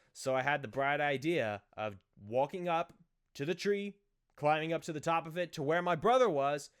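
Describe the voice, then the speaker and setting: A young man telling a childhood story in a casual, animated, self-mocking way, acting out the other people's voices. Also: on the high side. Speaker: vlogger.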